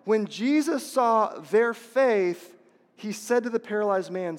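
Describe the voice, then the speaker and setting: A man's voice: high-pitched, slow pace. A man preaching a sermon as a pastor, passionate and repetitive, asking the congregation rhetorical questions. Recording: long reverb of a large hall.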